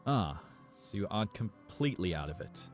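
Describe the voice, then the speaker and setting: A man playing a tall, calm security guard with an Australian or New Zealand accent, gently pleading with a young woman. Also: fairly low pitch, moderate pace. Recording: faint music behind.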